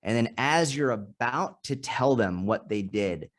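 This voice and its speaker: A man's voice: medium pitch, a little slow. A man in his thirties in a casual interview, telling stories with lots of restarts and acting out the voices he quotes. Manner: animated storytelling, acts out quoted voices, frequent restarts. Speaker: podcast guest, strength and nutrition coach.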